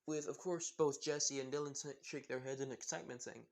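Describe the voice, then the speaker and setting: A man's voice: fairly high pitch, steady tone, fast talker, vocal fry, few pauses. A man casually retelling a fan story, rambling with lots of fillers and self-corrections.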